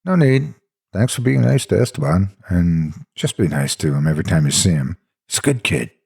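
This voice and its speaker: A man's voice: sits low, lively intonation, moderate pace, creaky, darkish tone, breathy edge, heavily acted. A man voicing a blunt, protective male special ed teacher who talks earnestly and swears freely.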